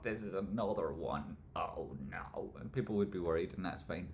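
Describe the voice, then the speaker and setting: A man hosting a live stream, answering chat questions in rambling talk that trails off into mumbles and jumps to loud jokey bursts. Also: low voice, animated, quick pace, hardly any pauses, slight background noise. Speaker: livestream host answering chat. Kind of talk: casual live chat, stock chart commentary.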